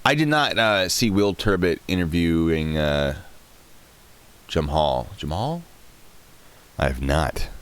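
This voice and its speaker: Low-voiced rambling male streamer. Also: measured pace, a bit bright, clear, resonant tone. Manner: rambling, answers chat questions. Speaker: live-stream host. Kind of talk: casual live-stream chat.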